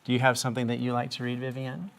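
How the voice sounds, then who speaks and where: A woman with an unusually deep, gravelly voice leads a classroom reading lesson for small children. She speaks patiently and asks one question after another. She slows right down to chant the spelling patterns. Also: level tone, slight background noise. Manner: patient, asks many questions, draws out phonics patterns slowly. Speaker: kindergarten teacher.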